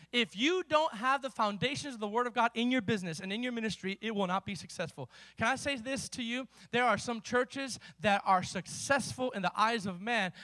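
High, bright-voiced fiery preacher man. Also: no echo. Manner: fiery preaching, shouting bursts, slow emphatic readings; playful, jokes with the congregation. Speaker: pastor. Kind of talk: sermon.

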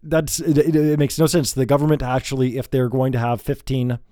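A man co-hosting a podcast, talking over economic news haltingly, with repeated words and fillers. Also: mid-range voice, level tone, dark tone, no room sound, studio quality. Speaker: podcast co-host. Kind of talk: casual political-economy discussion.

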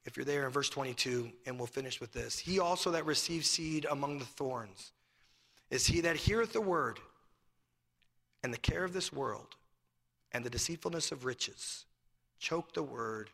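A man's voice: medium pitch, expressive, moderate pace, vocal fry, a bit bright, in a large hall. A male pastor preaching a sermon, asking rhetorical questions and telling a family story.

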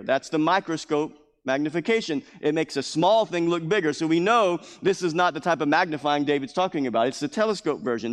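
Man preaching in an echoing hall. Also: on the high side. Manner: emphatic preaching that repeats key phrases; acts out scripture quotes in a raised voice. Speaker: pastor. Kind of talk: sermon. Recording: long hall reverb.

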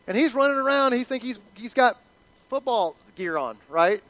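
A middle-aged male pastor preaching a sermon in an animated, conversational way, acting out quotes. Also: very high voice, brisk, rough recording.

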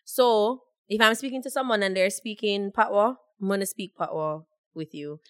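A woman's voice: medium pitch, moderate pace, fairly bright tone, no echo, studio quality. A young woman co-hosting a podcast, explaining her views at length in a reflective, casual way. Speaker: podcast co-host. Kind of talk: casual chat.

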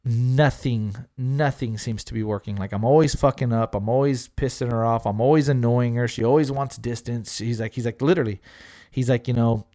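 A man's voice: mid-range voice, steady tone, brisk, dark tone, no echo, studio quality. A middle-aged man telling a story in casual chat, swearing freely, quoting friends and using lots of fillers. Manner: loose and profane, lots of fillers, quotes friends and family.

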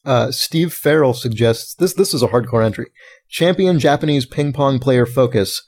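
A man's voice: mid-range voice, moderate pace, darkish tone. A man hosting a casual podcast, reading listener submissions aloud with frequent laughter. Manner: amused, reads names aloud, laughs often.

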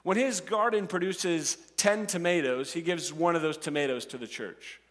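A man preaching a sermon, animated and acting out the voices of the characters and the crowd. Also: fairly high pitch, normal speed, in a large hall. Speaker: pastor.

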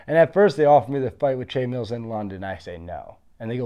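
A man's voice: medium pitch, fast, hardly any pauses, warm tone, clear, resonant tone. A man in his early thirties, a former fighter being interviewed, telling his story in a blunt, confident, boastful way. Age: 30s.

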